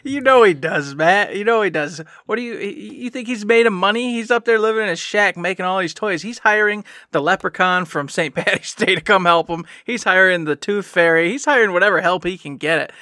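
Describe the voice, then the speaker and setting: A rowdy old Christmas elf, as a man puts him on, squeaking high in a thick mock Irish accent and ranting like he's letting you in on a secret. The voice is bright and sharp, recorded dry and close. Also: brisk, few pauses, dry recording. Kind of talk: comedy banter in character.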